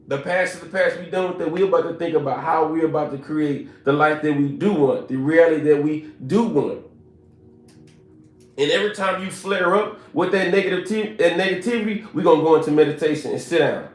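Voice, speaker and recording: A man's voice: fairly high pitch, expressive, moderate pace, a little mellow. A man giving a motivational live stream talk, emphatic and preacher-like, repeating his points and asking the chat to respond. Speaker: motivational speaker. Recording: roomy echo with faint music.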